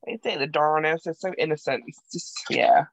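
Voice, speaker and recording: Low-voiced woman in a dry, dull recording. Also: expressive, normal speed, dry recording. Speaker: podcast guest, host's sister. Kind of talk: casual chat.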